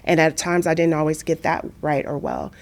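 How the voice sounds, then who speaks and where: Woman, low voice, interview guest, earnest, reflective, from kansas. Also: normal speed. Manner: earnest, testimonial, animated when retelling stories. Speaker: interview guest, entrepreneur and author.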